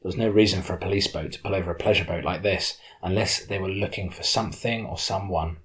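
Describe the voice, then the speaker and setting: Deep-voiced man narrating an audiobook. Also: quick pace, few pauses. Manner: steady first-person storytelling.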